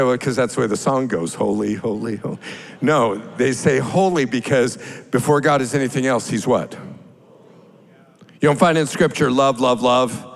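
A man preaching a sermon as pastor, building from plain explanation to loud, drawn-out cries. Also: mid-range voice, creaky, poor audio.

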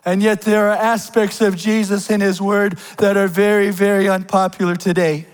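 A man with a notably high voice preaches a sermon at a church service. He is impassioned and rhetorical, sinking to slow, hushed lines and then climbing to loud, ringing declarations. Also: level tone, smooth, big-room sound, low-quality recording.

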